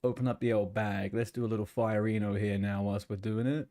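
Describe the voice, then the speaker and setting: A man's voice: on the low side, little pitch movement, fairly quick, mellow. A man streaming a game, chatting casually and rambling between tasks, swearing now and then. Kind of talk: casual gaming chat.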